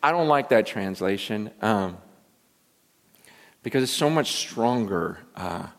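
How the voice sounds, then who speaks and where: A male pastor preaching a sermon, swinging between loud emphasis and hushed asides and repeating words as he builds his points. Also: on the low side, animated, slow. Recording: long reverb from a large hall.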